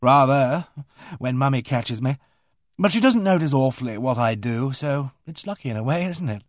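A man's voice: mid-range voice, expressive, normal speed, no room sound, studio quality, natural voice. A man voicing a blunt, awkward young woman of twenty who talks in a breathless rush. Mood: eager. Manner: breathless rush, artless and direct.

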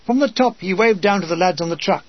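A man reading his own wartime memoir with dry, deadpan comic timing. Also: high voice, fast, no echo, muffled recording. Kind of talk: comic audiobook narration.

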